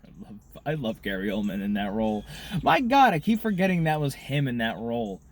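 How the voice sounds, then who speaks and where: A man ranting in a profane monologue to camera, smoking a cigar as he talks, swinging between loud outbursts and muttered asides. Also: medium pitch, very animated, a little fast. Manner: smoking a cigar while talking. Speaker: vlogger.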